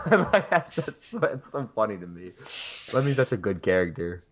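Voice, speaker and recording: Joking man with a lowish voice. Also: sing-song, normal speed, a crowd in the background. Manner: joking, swears casually, laughs. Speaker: podcast co-host. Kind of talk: casual movie recap chat.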